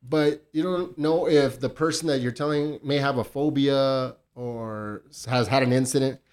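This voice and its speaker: A man's voice: mid-range voice, moderate pace. A man telling a story in casual podcast chat, swearing freely and acting out what people said. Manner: animated, swears a lot, acts out quotes.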